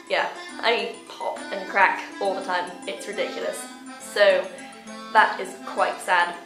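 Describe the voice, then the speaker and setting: A woman's voice: a little high, a bit bright. A young woman from Hawaii chatting casually to camera in a bubbly, self-mocking way. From Hawaii, USA. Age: young adult. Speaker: vlogger. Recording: roomy echo with faint music.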